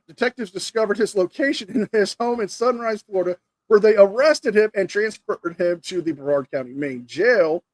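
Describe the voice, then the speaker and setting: A man's voice: sits high, darkish tone, no echo. A man co-hosting a comedy podcast, reading out a news story with small restarts. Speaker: podcast co-host.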